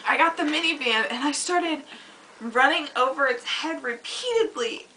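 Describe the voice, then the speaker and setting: A young woman chatting casually on a home video, telling stories with lots of giggling and loud acted-out quotes. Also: high-pitched, expressive, normal speed, recorded from a distance, poor audio. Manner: giggly storytelling, acts out quoted lines loudly. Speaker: vlogger. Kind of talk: casual chat.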